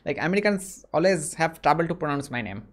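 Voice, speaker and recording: A man's voice: fairly high pitch, expressive, fast. A young man from India with an Indian accent, chatting casually with strangers on a video chat site, friendly, with frequent mm-hmms. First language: not English.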